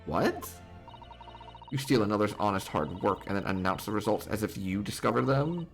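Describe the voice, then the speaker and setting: Sneering game villain, a proud English lady read by a man, gravelly edge, looks down on everyone. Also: fairly low pitch, expressive, normal speed, soft background music, voice pushed down. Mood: scornful. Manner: disdainful, condescending reading. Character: haughty English woman, scornful villain.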